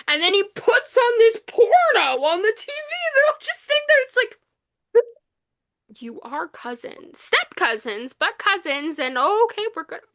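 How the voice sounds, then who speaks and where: Bright high-voiced young woman, chatty. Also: no echo. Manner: animated retelling with frequent fillers. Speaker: podcast co-host. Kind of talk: casual book review chat.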